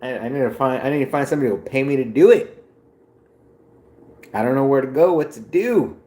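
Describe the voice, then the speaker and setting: A man's voice: medium pitch, expressive, a little fast, warm tone, roomy sound. A man livestreaming, chatting loosely with viewers in a rambling, swearing way. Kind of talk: casual chat with viewers.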